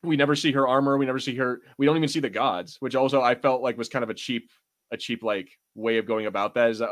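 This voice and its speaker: Animated young man hosting a podcast. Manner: animated, swearing, quick pitch jumps when excited. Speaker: podcast host. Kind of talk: casual chat.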